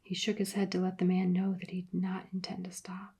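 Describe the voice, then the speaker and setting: A woman narrating an adventure book in a soft-spoken ASMR reading, hushed and partly whispered. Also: on the low side, completely flat delivery, a little fast, slightly rough.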